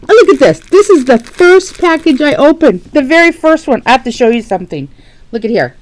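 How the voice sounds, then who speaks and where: A woman's voice: high-pitched, big pitch swings, a little fast, no echo, poor audio. A woman opening craft gift packages on camera in a casual vlog, gasping and gushing, sometimes dropping to a whisper. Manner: gushing, gasping, often drops to a hushed whisper. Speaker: crafting vlogger. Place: home, at a dining table.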